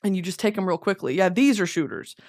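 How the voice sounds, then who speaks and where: Here the young Southern US podcast host talks fast in a mid-range, slightly mellow voice. It's a casual solo chat, full of rambling and flustered, sweary outbursts.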